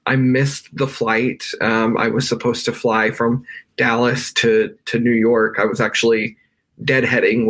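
A man's voice: mid-range voice, fairly bright tone. Man, American, podcast guest, rambling conversational storytelling, lots of fillers, home bedroom, video call. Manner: emotional, many fillers and restarts.

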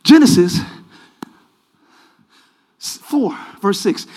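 A man preaching a live church sermon, leading the congregation in call-and-response and often shouting. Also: extremely high pitch, sing-song, slow, pauses often. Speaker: pastor. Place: large church sanctuary.

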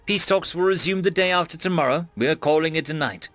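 A man's voice: fairly high pitch, fairly quick, fairly bright tone, no echo, soft background music, voice pushed up, lightly acted. A man voicing an assured, firm female alien diplomat.

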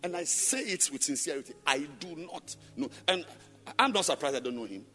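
A pastor with a high, bright voice preaches into a church microphone. He fires repeated questions at the congregation, his pitch leaping all over. He swings from loud sing-song chanting down to low murmurs. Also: big pitch swings, fairly quick, faint music behind. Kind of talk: sermon.

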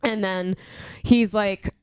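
A woman's voice: medium pitch, slow pace, smooth, no room sound, studio quality. A young woman comedian, telling stories bluntly and acting out heated quotes in casual chat. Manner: blunt, profane, animated storytelling with acted-out quotes. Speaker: comedian, podcast guest.

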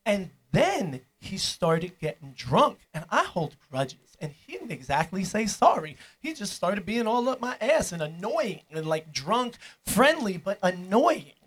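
High-voiced man telling a rambling story. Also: measured pace, hardly any pauses, husky. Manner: rambling, profane, animated storytelling. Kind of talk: casual storytelling chat.

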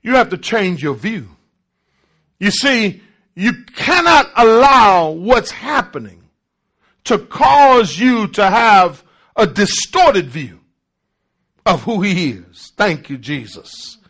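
A man preaching a call-and-response sermon, emphatic and repetitive, swinging from shouts to low murmurs. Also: very animated, slow pace. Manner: repeats and restarts words for emphasis.

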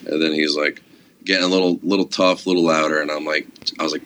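A man's voice: very deep voice, level tone, fast, fairly bright tone. A man telling rambling stories in a casual conversation, laid-back, with lots of "like" and swearing. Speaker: guest, comedy club security guard.

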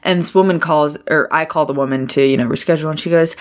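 A woman's voice: low-pitched, fairly even intonation, fairly quick, few pauses. A woman co-hosting a podcast in casual chat, tipsy from drinking, rambling, swearing and laughing often. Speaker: podcast co-host.

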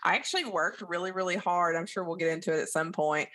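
A woman from northeast Alabama with a softened Southern Appalachian accent, chatting candidly as a podcast guest with a self-deprecating humor. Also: lowish voice, fast. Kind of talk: casual interview chat.

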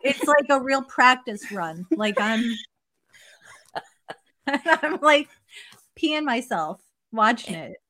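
A woman with a bright, ringing voice that swings up and down a lot. She chats casually as a podcast guest, giggling and piling on "like" as she tells her stories. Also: fairly high pitch, slow pace, pauses often. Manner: giggly, animated storytelling with lots of "like". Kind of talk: casual chat.

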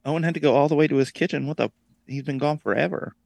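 A man co-hosting a casual podcast chat, teasing in a deadpan, joking way. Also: a little high, fast, creaky, dry recording. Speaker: podcast co-host.

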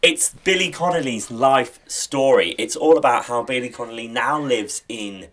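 A man's voice: mid-range voice, normal speed, a bit bright. Enthusiastic male podcast host. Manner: enthusiastic, plugging TV picks. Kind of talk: casual chat.

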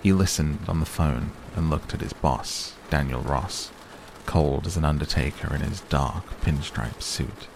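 A man reads a novel aloud in a steady, measured narration. His voice is very low with a gravelly edge, over a faint hiss. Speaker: audiobook narrator. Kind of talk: scripted narration.

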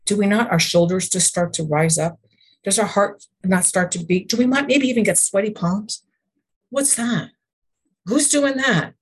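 Speaking at medium pitch and an ordinary pace, with a slightly rough quality, a woman guest on a podcast interview describes her work as an emotion code practitioner. Her stories are earnest and faith-centered, mentioning God and the Lord, and she often restarts her sentences and asks rhetorical questions.

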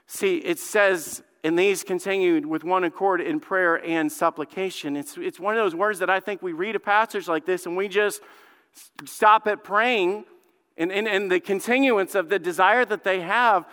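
Male pastor preaching, fervent, goes from hushed to loud, bright clear voice, big hall echo. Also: high voice. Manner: fervent, swings from hushed pleading to loud outbursts; repeats words when building a point. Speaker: lead pastor. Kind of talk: sermon. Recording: long hall reverb.

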